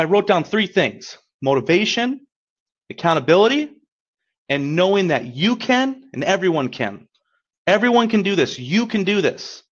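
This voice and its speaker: A man with a fairly high voice coaches a webinar in an upbeat, encouraging tone, chatting and checking in with "right?". The audio is dull and lo-fi. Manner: upbeat, encouraging, conversational, often asks "right?". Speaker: credit repair coach. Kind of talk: webinar presentation.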